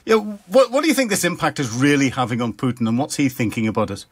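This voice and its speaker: A man with a Northern Irish accent hosting a radio interview show, talking in a relaxed way with lots of ums and uhs. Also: mid-range voice, fast talker, slightly rough. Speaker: host.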